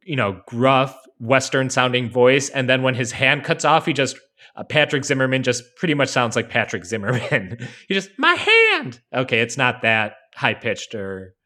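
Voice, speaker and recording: A man co-hosts a podcast, speaking in a mid-range voice at normal speed. He's relaxed and analytical, explaining things casually with lots of fillers.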